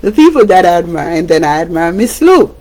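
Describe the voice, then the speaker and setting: A woman's voice: on the low side, very animated, brisk, a little mellow. A woman from Jamaica with a Jamaican accent, a radio broadcaster talking casually on a livestream, chatty and laughing often.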